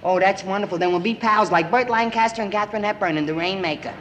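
An actor playing a naive, eager young man with a high, goofy, childlike voice in a 1950s film comedy. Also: fast, fairly bright tone, a little hiss or hum. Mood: gushing. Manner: gushing and wide-eyed. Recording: old film soundtrack with music.

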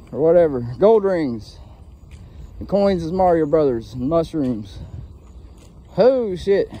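A worn-out man from Ohio talks to the camera while pushing his bicycle, wandering from one thought to the next with plenty of cursing. His voice sits fairly high for a man but sounds mellow and soft-edged, and he is a little winded. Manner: profane, meandering, tired. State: winded from walking a bicycle uphill. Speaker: vlogger. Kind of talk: casual rambling monologue.

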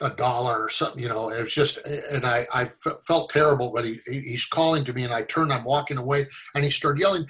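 An older American actor telling stories in a casual interview, animated and fond of acting out the voices of people he quotes. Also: mid-range voice, brisk, hardly any pauses, low-quality recording. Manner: animated storyteller, acts out quoted voices, chuckles often. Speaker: actor guest.

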